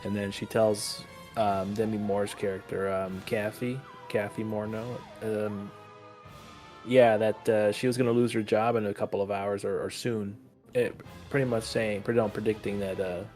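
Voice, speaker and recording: Male co-host, low voice, halting recap with lots of fillers, faint music under. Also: flat delivery, a little mellow. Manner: halting, many fillers and restarts. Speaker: podcast co-host. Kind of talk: casual episode recap.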